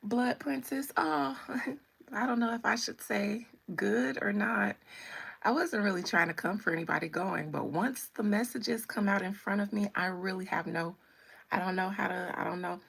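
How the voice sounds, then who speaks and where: A woman hosts a casual live stream as a tarot reader, answering her chat with sassy, teasing banter. Her voice has a gravelly edge and a husky, breathy texture. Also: mid-range voice, moderate pace, fairly bright tone. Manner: sassy and playful, teasing viewers.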